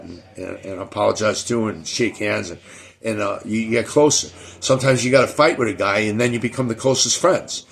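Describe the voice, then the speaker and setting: A man's voice: fairly low pitch, brisk, vocal fry, fairly bright tone. A middle-aged man hosting his own show, talking casually in a rambling way, with many restarts and repeated words. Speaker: show host. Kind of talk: casual monologue.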